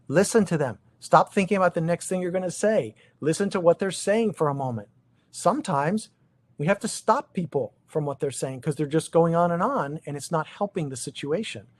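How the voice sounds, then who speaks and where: A middle-aged man, a chiropractor, giving an informal seminar talk to colleagues, conversational and animated, firing off rhetorical questions at his listeners. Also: on the high side. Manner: animated, asks the audience many rhetorical questions; loose, conversational, with frequent restarts. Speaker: chiropractor presenting a practice seminar.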